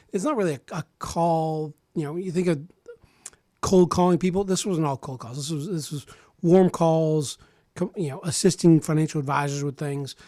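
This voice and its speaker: A man in his forties telling a personal story in casual radio talk, animated and acting out other people's lines, often restarting and repeating words. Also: a little high, no room sound, studio quality. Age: 40s.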